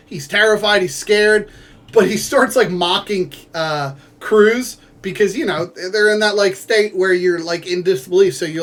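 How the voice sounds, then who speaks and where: Man, high voice, casual book recap, rambling with lots of fillers, joking asides to viewers. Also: fairly bright tone. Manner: rambling, heavy use of filler words.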